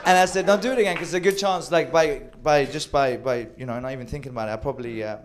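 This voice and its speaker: A man telling a wild personal story with animated delivery, acting out quoted lines and swearing freely. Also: a little high, fast talker, noisy background. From Sweden. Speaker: storyteller on a comedy show. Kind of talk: live comedic storytelling.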